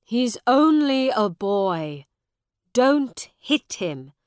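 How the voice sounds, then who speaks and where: A woman's voice: mid-range voice, drawn-out words, smooth, no echo, studio quality. A woman voicing a tall, strong soldier man who firmly protects a boy. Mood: firm protective. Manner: firm, protective.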